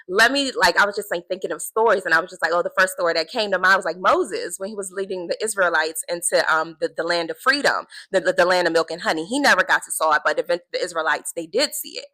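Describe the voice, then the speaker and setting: A woman speaks straight to camera in a relaxed faith vlog, with a bright, ringing voice. She talks earnestly and with animation, repeating words to stress them. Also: medium pitch, rough recording. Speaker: vlogger keeping a video journal.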